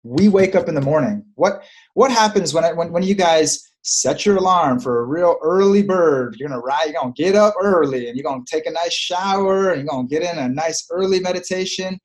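A man's voice: a little high, expressive, brisk. Earnest man giving spiritual talk. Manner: earnest, searching, repeats phrases. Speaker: spiritual coach.

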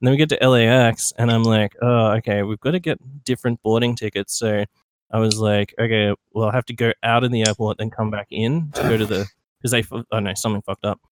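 A man's voice: fairly low pitch, fairly even intonation, brisk, a little hiss or hum. A young Australian man, a podcast guest, telling a rambling, profane story in casual chat. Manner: rambling, profane, with loud mimicked shouts.

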